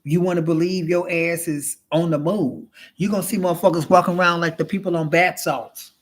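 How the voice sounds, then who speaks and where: A flamboyant man retelling a film in a loose, chatty monologue, with a voice on the higher side for a man. He rambles, restarts and swears freely, and keeps calling his listener honey and child. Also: fairly even intonation, a little fast. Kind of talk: casual storytelling monologue.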